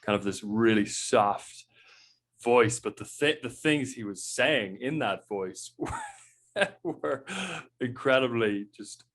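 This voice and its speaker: A man hosting an interview, speaking in a soft, reflective conversational way. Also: medium pitch, animated, slow. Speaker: podcast host.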